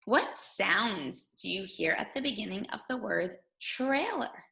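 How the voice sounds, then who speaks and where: A woman teacher leading a guided reading lesson for young children, speaking slowly and patiently. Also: medium pitch, lively intonation, creaky, pushed and bright, rough recording. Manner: slow, patient, sing-song teacher voice.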